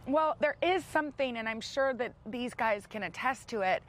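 A woman's voice: a little high, normal speed, a little hiss or hum. A woman in her thirties co-hosting a talk show, chatting eagerly and often restarting her sentences. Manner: excited and chatty, with frequent restarts and laughter. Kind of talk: casual chat.

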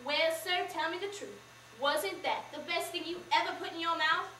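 A woman's voice: very high-pitched, moderate pace, a little hiss or hum, pitched above the performer's own voice. A young woman voicing a proud, pushy mother who bakes pies, talking emphatically, recorded from far off in an echoey room. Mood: insistent. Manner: insistent and emphatic, rising loud.

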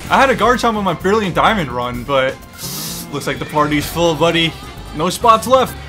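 A young man giving excitable, profane let's-play commentary, talking to the game and its creatures as he plays. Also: on the high side, moderate pace, music in the background. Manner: excitable, swearing, talks to the game. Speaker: gaming YouTuber.

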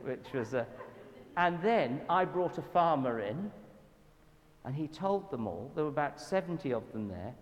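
A man with a Southern English accent giving a church talk, telling anecdotes in a lively, self-deprecating way. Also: on the high side, measured pace, muffled recording. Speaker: guest speaker at a church event. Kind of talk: storytelling sermon talk. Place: church hall. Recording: reverberant hall with faint background noise.

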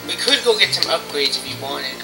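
A man's voice: fairly high pitch, animated, brisk, music in the background, rough recording. Easygoing young man playing games. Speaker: let's play co-host. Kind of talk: casual gameplay commentary.

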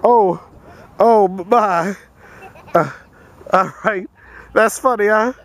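This woman has a mid-range voice and draws out her words as she vlogs outdoors on a handheld camera. Chatting casually while struggling with exercise equipment, she stammers and repeats herself, groaning, calling for help, and mocking herself with laughter.

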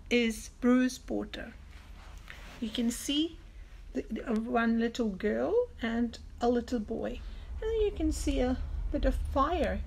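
Slow-reading childcare teacher, woman. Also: a little high, a little hiss or hum. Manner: slow, explains words to children. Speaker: childcare educator. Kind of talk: reading a picture book to children.

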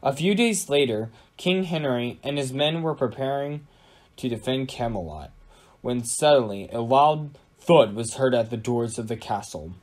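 A man narrating a storybook aloud in a plain, steady way. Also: mid-range voice, normal speed. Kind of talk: amateur audiobook reading.

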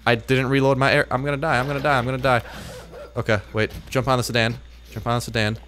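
A man talking over his own gameplay as a video host, loose and rambling with plenty of swearing. When something surprises him, his voice shoots up into high yelps before settling back down to his plain middle register. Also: quick pace, slight background noise. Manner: excitable, swears, jumps into high-pitched yelps when startled. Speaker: gaming YouTuber. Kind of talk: let's-play commentary.

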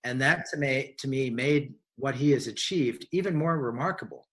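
A man's voice: medium pitch, normal speed, a bit bright. A man, a science writer, answering interview questions in a thoughtful, rambling way with frequent restarts.

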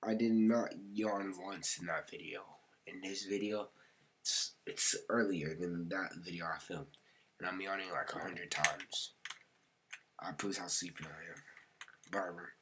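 A man's voice: deep voice, fairly even intonation, unhurried, fairly bright tone, breathy edge. A man narrating his gameplay casually, slangy and chatty, often muttering or whispering to himself. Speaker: gaming video creator.

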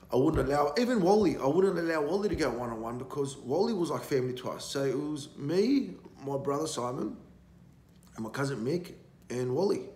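Man, podcast guest, gravelly and foul-mouthed, rambling storyteller, roomy echo. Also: on the high side. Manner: blunt, heavily profane, rambling. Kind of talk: casual storytelling. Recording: roomy echo, faint background noise.

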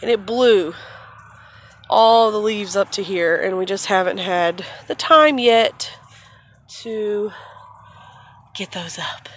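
A woman's voice: mid-range voice, slow pace. Tired, rambling woman vlogger. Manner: rambling and chatty, laughs often. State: tired from little sleep. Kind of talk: casual home vlog. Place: at home and in the backyard. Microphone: phone camera.

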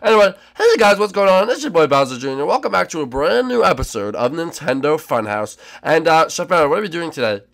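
A man voicing a bratty young male turtle prince in a game role-play, shouty and excitable, who also hosts the video. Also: a little high, quick pace, vocal fry, hardly any pauses, heavily acted. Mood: hyped. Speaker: host.

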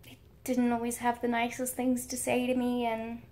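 A woman's voice: a little high, monotone, moderate pace, mellow. A young woman telling a rambling, chatty storytime vlog to her channel. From United States. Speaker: vlogger.

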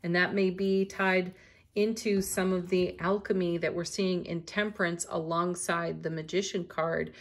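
Soft-spoken woman reading tarot. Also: lowish voice, little pitch movement, unhurried. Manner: gentle, spiritual, laughs often. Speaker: tarot reader. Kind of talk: daily tarot reading to camera.

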